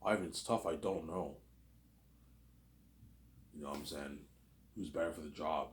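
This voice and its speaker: A man's voice: very deep voice, normal speed. A man hosting a casual, rambling commentary, repeating the same filler phrases again and again. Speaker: host. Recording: roomy echo.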